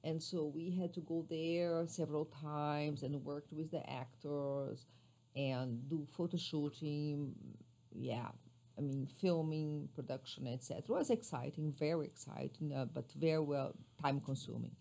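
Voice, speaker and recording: A woman's voice: sits low, measured pace, creaky, dark tone. A woman guest on a radio talk show, describing her work with hesitant, word-searching speech. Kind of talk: casual interview chat.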